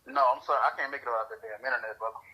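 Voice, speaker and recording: A man's voice: mid-range voice, steady tone, rapid-fire, husky, dull audio. A man from Louisiana co-hosting a podcast, chatting casually and telling stories with lots of laughs and cursing. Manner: storytelling with frequent laughs and cursing. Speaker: podcast co-host. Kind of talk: casual chat.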